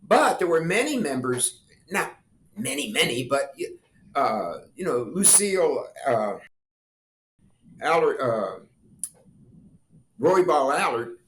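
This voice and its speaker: A man's voice: a little high, slow, long pauses, roomy sound, slight background noise. An older man, a former congressman, telling family stories in an interview and acting out the voices of the people in them. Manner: animated storyteller acting out quoted voices, laughing. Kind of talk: storytelling interview talk.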